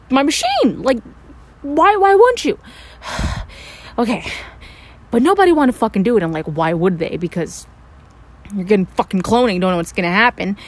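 A woman playing a frantic young scientist in an audio role-play, stammering, breathless and swearing. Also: mid-range voice. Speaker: voice actor.

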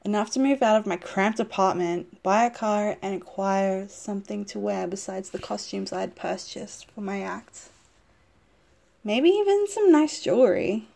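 A woman reading a first-person story aloud at a steady pace, now and then stumbling over a word and correcting herself. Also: mid-range voice, vocal fry. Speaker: story reader.

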